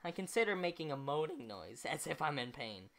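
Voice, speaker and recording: A woman's voice: low voice, very animated, a little fast. A woman reading a novel aloud at home, chatty, stopping to comment on the text and laugh at her own slips. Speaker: amateur reader.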